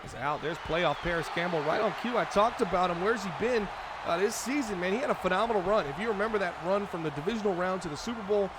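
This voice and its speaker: On a live stream, a man with a high voice talks fast while playing a football franchise mode, giving fan-style play-by-play of his own game. Video game music and sounds run behind him, and the audio is very noisy.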